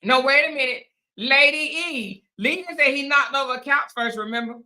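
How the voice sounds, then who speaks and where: A woman hosting a casual chat, reading viewer comments aloud and reacting in a lively, teasing way with frequent laughter. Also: sits high, moderate pace. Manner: animated, teasing, laughs often, playful asides.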